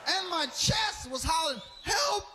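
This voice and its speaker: A man's voice: very high voice, sing-song, moderate pace, noisy background. A man performing live stand-up comedy, telling a profane story and jumping into acted voices.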